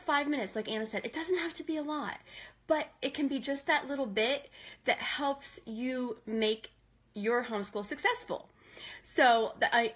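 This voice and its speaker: Woman vlogger, 30s, goofy and excitable, slightly high, bright voice, live casual chat. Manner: excitable and goofy, greets viewers by name, self-deprecating. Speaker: homeschool vlogger hosting a live video.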